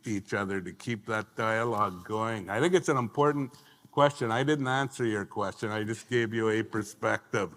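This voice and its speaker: A man's voice: medium pitch, fairly bright tone. Reflective man panelist in a hall. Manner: conversational, reflective, restarts phrases. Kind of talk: panel discussion answer. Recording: reverberant conference hall.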